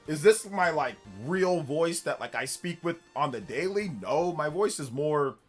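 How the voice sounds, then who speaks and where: A man's voice: a little high, lively intonation, measured pace, soft background music. A man from California hosting a casual live stream, chatting with viewers in an upbeat, elevated presentation voice and laughing often. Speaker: streamer hosting a live gaming news show.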